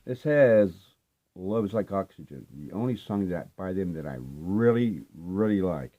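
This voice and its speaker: A man's voice: sits low, lively intonation, measured pace, narrow, tinny audio. An older man casually showing off his record finds, talking in a loose, rambling, laid-back way with lots of fillers. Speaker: vinyl collecting vlogger. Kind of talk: casual rambling show-and-tell.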